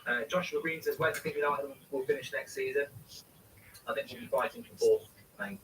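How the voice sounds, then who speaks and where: Rambling host, distant noisy mic. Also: male voice, medium pitch, fairly quick. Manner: rambling, reads viewer questions aloud and answers them. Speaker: live-stream host. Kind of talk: casual match watchalong chat. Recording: distant mic with steady background noise.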